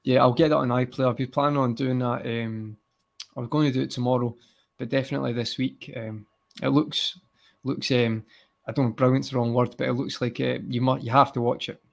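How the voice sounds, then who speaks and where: Brief: male co-host, gravelly fry-heavy voice, hesitant easygoing chat. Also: medium pitch, level tone, brisk. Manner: hesitant, repeats words and restarts. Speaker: live stream co-host. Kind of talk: casual live stream chat.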